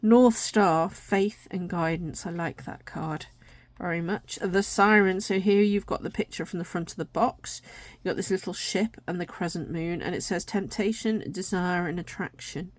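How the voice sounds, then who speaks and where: A woman walking through an oracle deck in a gentle, rambling way, tired and yawning now and then. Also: fairly low pitch, normal speed, hardly any pauses, dry recording. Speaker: tarot and oracle deck reviewer. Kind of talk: casual deck walkthrough.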